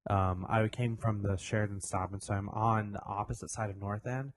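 A man's voice: on the low side, fairly even intonation, normal speed, a little hiss or hum. A man co-hosting a podcast, chatting casually with joking banter. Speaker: podcast co-host. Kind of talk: casual chat.

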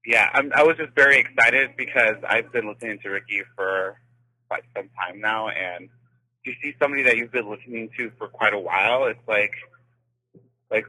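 A man rambles excitedly through a message to the show, piling on fillers as he gushes. His voice is very bright and a little husky. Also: on the low side, normal speed, low-quality recording. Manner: gushing, rambling with many fillers. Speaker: caller.

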